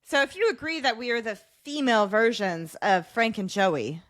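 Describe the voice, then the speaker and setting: A woman from the New York area co-hosts a casual podcast chat, speaking into a close mic. Her voice swings up and down in a very lively way, and the sound is dry with no room echo. She trips over hard names now and then. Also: on the high side, normal speed. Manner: animated, stumbles over names while reading notes. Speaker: podcast co-host.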